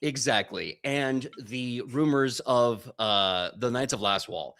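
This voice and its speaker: Guy running a tabletop rpg session, chill and jokey, mid-pitched voice. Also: slow. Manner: relaxed, joking narration. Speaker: game master. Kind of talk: narrating a tabletop game.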